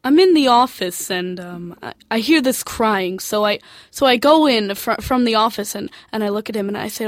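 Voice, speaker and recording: A woman's voice: on the high side, normal speed, no echo, clean studio sound. A woman telling, as a parent, of her son coming out, with emotional stammering restarts. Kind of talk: personal storytelling.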